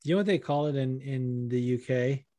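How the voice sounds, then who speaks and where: A man's voice: medium pitch, moderate pace, dark tone, no room sound. A man from Las Vegas co-hosting a podcast, chatting in a laid-back way and swearing casually. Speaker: podcast co-host.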